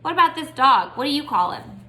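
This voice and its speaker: A woman reading a storybook puts on a kind old Southern woman with a folksy, chuckling drawl. She comes across bright and a touch higher. The storybook character sounds amused and easygoing. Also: very animated, fairly quick, exaggerated voice.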